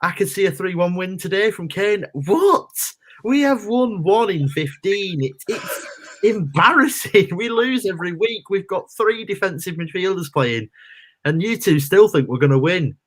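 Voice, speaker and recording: A man's voice: sits high, expressive, moderate pace. A man with a Lancashire accent co-hosting a football chat, gloomy, exasperated and sarcastic about his team. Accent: Lancashire English. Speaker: co-host.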